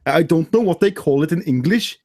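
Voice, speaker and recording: A man's voice: on the high side, animated, a little fast, darkish tone. A man with a Norwegian accent, chatting casually and crudely joking with friends. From Norway. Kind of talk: casual chat.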